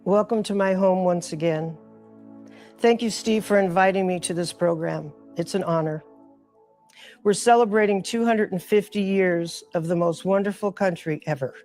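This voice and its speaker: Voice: mid-range voice, moderate pace, darkish tone, soft background music. Earnest speaker telling family stories. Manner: earnest, emotional, personal storytelling. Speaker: guest speaker. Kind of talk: patriotic address to camera.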